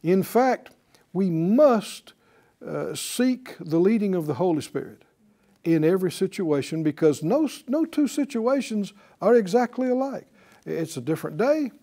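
Man preaching, high lively voice, acts out the people in the story, asks the room questions. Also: unhurried. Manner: animated, acts out quoted voices, rhetorical questions. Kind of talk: sermon.

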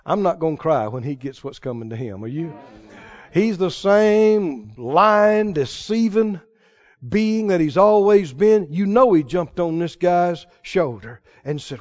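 Preacher guy, high voice swinging all over, fervent sermon, dull lo-fi recording. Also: expressive, measured pace, a little mellow. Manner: fervent, calls out to the congregation.

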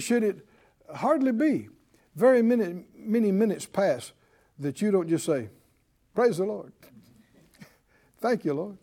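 A man preaches to a Bible class, calling out questions to the room and sometimes acting out panicked voices. His voice sits high and swings widely in pitch. The tone stays dark and mellow. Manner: animated, addresses the class, acts out panicked voices. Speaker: Bible teacher. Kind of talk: sermon.

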